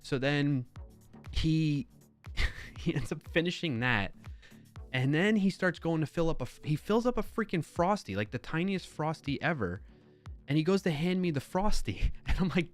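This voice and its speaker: A man hosting a live stream, telling a story in a casual, rambling way with lots of fillers and self-corrections, sounding baffled and animated. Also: fairly high pitch, moderate pace, soft background music. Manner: incredulous, animated retelling.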